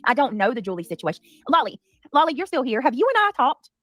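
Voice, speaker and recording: A woman hosting a heated livestream, talking fast and defensively with many restarts. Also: high voice, very animated, no room sound. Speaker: livestream commentary host. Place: home.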